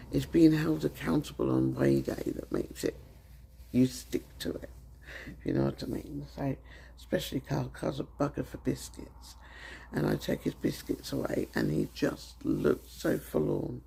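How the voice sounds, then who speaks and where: Croaky British male vlogger, husky and mellow, talks openly to his phone with lots of ums. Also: fairly high pitch. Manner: chatty and candid, with frequent ums. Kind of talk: casual chat to camera.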